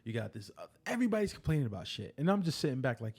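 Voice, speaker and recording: A man's voice: mid-range voice, big pitch swings, rapid-fire, a little mellow, breathy edge. A man co-hosting a casual podcast who rants bluntly, laughing and swearing. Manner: blunt, laughing, profane ranting. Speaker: podcast co-host.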